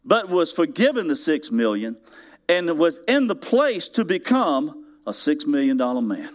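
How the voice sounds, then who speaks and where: Man, sermon, preaching, slow stressed phrases, pitch jumping high on emphasis. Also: big pitch swings. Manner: preaching with sudden rising emphasis. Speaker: pastor.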